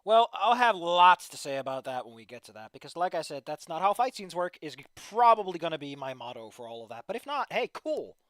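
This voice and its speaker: A tired man reading fan fiction aloud into a desk microphone, ranting and swearing, sliding from low tired mumbles to loud yelling. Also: very animated, fairly quick, hardly any pauses, no echo, studio quality. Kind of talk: casual live reading and commentary.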